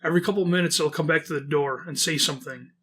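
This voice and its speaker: A man's voice: a little high, very fast, sharp tone, husky. A man reading a horror story aloud and chatting about it, rambling and swearing casually.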